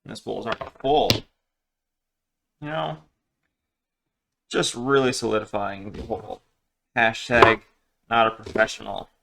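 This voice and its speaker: A cooking vlogger chats casually in his home kitchen while he cooks, rambling and making self-deprecating jokes. His fairly low voice is steady, measured and creaky, with long pauses, and heavy background noise runs underneath.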